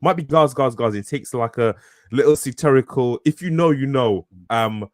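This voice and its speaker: A man's voice: medium pitch, normal speed, no echo, clean studio sound. A man co-hosting a podcast, chatting casually, laughing often and swearing freely. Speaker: podcast co-host.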